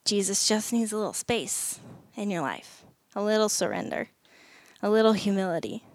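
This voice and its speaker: A woman's voice: mid-range voice, animated, moderate pace, no echo. Earnest woman giving a church talk. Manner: earnest, conversational, acts out short prayers. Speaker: women's ministry speaker. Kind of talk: sermon talk to parents.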